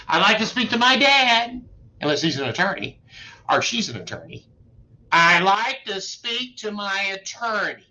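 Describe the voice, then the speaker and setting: An older man talks through legal advice in a folksy, emphatic way, tagging his points with a quick "okay?". His voice sits high for a man and sounds bright and forceful. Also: low-quality recording. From Texas. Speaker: attorney. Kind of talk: informal legal advice talk.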